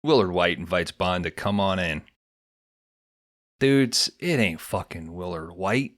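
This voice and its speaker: Low-voiced man recapping a movie, dry sound. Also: unhurried, fairly bright tone, no echo. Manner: recapping scenes, swearing freely. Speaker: podcast co-host. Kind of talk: casual movie chat.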